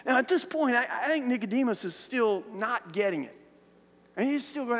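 A man with a very high voice preaching in a church hall, his words trailing into a long reverb. He tells a Bible story in an animated way, restarting and repeating words as he goes. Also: moderate pace. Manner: animated storytelling, acting out voices of biblical figures. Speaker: pastor. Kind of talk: sermon.

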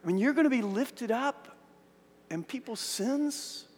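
High-voiced pastor preaching in a reverberant hall. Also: male voice, a little slow, a little hiss or hum. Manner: animated storytelling, acting out voices of biblical figures; repeats words and restarts often. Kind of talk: sermon.

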